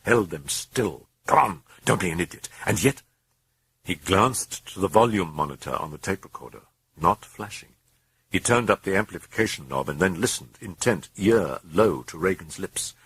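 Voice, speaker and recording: A man's voice: low-pitched, fairly bright tone, husky, dry recording. A man narrating a horror novel aloud in an intense, brooding way. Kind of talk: dramatic horror audiobook narration.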